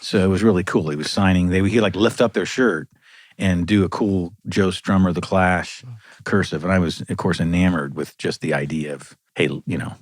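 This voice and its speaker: Older male musician, deep voice, animated anecdote-teller, dry recording. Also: normal speed, no echo. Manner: lively storyteller, chuckles between lines. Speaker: musician guest. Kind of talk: storytelling anecdote on a podcast.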